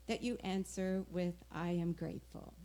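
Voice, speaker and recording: A woman's voice: fairly low pitch, fairly even intonation, normal speed, dark tone. A woman speaking at a church service, telling a personal story about gratitude in an earnest, conversational way. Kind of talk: casual storytelling talk.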